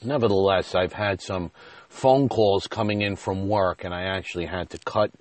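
A man hosting his own podcast, telling a rambling, self-deprecating story full of "you know," his voice jumping up and getting loud when he retells an argument. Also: low-pitched, fairly even intonation, moderate pace, dry recording. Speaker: podcast host. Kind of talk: casual storytelling monologue. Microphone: podcast mic.

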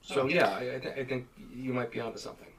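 A man's voice: mid-range voice, fairly even intonation, fast talker, a bit bright, low-quality recording. A man co-hosting a casual chat, telling a long story with many fillers and restarts. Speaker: podcast co-host.

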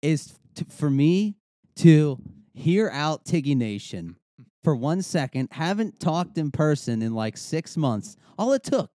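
A man's voice: on the high side, big pitch swings, takes it slowly, dark tone, dry recording, clean studio sound. A man co-hosting a podcast, chatting in a laid-back, easygoing way. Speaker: podcast co-host. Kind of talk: casual chat.

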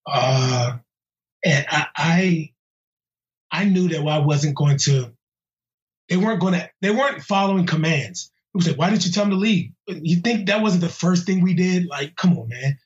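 A man's voice: fairly high pitch, lively intonation. Blunt, heated man with a muffled sound. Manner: blunt and heated, casual slang, halting restarts. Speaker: police officer interviewed about a violent attack. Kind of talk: casual interview. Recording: muffled lo-fi audio.

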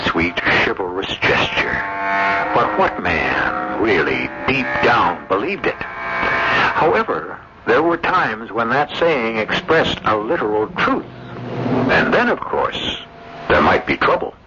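Wry, deep-voiced old radio host. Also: male voice, wildly swooping pitch, music in the background. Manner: wry, slow, deliberate. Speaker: show host. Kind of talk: dry scripted radio introduction. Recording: hissy lo-fi old radio recording.

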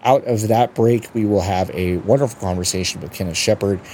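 A man's voice: on the low side, a little fast, warm tone, slight background noise. A man hosting a podcast, talking in a loose, meandering, conversational way. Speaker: podcast host. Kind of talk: casual podcast talk.

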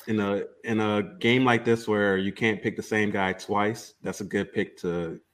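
A man's voice: lowish voice, steady tone, a little slow. A man co-hosting a podcast, laid-back in casual chat and laughing along with the others. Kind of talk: casual fantasy football chat.

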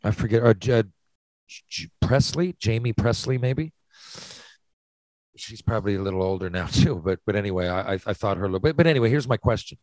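A man's voice: fairly low pitch, expressive, brisk, darkish tone, no room sound, rough recording. A man hosting a casual chat, posing hypothetical questions with lots of restarts and swearing. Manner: rambling, restarts, profane. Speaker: podcast host.

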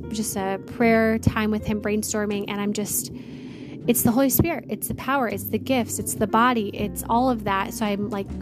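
Excited woman podcast host, music behind. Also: on the high side. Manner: excited, gushing, addresses listeners as "you guys". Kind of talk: casual faith podcast talk and prayer.

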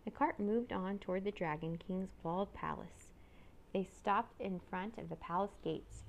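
A woman reading a children's chapter book aloud in a steady, measured way. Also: mid-range voice. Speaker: narrator. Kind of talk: storybook read-aloud.

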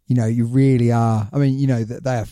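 A man co-hosts a relaxed podcast, talking in a very dark, mellow voice. He chats loosely, laughs easily and lets sentences trail off. The sound is dry and close. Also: mid-range voice, quick pace, clean tone, dry recording. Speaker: podcast co-host. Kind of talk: casual chat.

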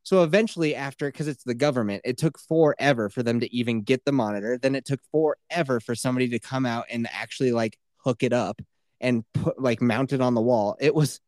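A man co-hosting a casual chat show, telling a work story in an animated, profane way and laughing often. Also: mid-range voice, brisk, no echo. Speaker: podcast co-host.

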